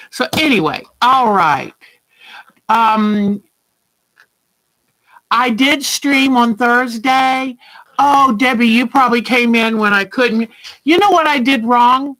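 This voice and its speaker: Older lady rambling on her quilting stream, slow talker, bright voice. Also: on the high side, rough recording. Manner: chatty, greets viewers by name, rambling. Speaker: quilting livestream host. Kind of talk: casual livestream chat.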